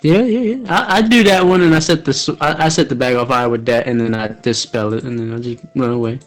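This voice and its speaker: A man's voice: medium pitch, quick pace, soft background music. A man playing a tabletop game, joking and reacting with laughter. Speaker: player. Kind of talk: casual tabletop game play.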